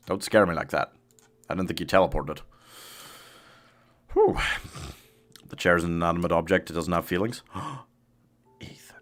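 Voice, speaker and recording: A man's voice: low-pitched, unhurried, long pauses. A man streaming a game live, chatting casually with his chat, laughing often and yelping when danger appears. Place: home streaming setup.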